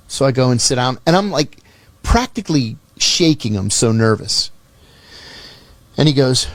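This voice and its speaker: A man's voice: mid-range voice, lively intonation, normal speed, dry recording. A man telling a personal story on a podcast in a conversational, self-deprecating way, acting out the dialogue.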